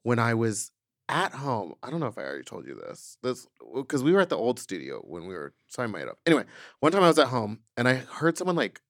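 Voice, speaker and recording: A man co-hosting a podcast, telling a story in casual chat, full of "like" and animated retelling, into a studio mic. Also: medium pitch, quick pace, no echo. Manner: chatty, peppered with "like", animated retelling. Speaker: podcast co-host.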